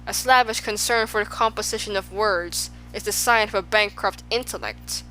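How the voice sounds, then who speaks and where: A woman's voice: mid-range voice, normal speed, bright, forceful tone, faint music behind, lightly acted, poor audio. A woman voicing a pompous, boastful male humbug in a storybook, speaking in a blustering, grandiose way.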